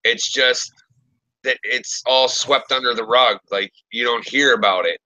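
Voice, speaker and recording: Guy from pittsburgh telling rowdy stories, bright voice, dry sound. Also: mid-range voice, unhurried, no echo, low-quality recording. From Pittsburgh area, US. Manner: profane, animated storyteller acting out quotes. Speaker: podcast host. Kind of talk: casual storytelling chat.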